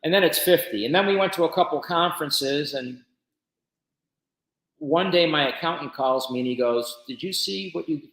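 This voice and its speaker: A man's voice: a little high, normal speed, a bit bright, echoey room, poor audio. A man, a business founder, tells his story casually in an interview and acts out the conversations he quotes.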